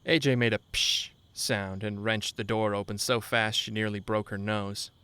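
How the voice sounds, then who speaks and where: A man narrating a horror story in a measured way, slowing down on grim details. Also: lowish voice, steady tone, sharp tone, clean tone, dry recording.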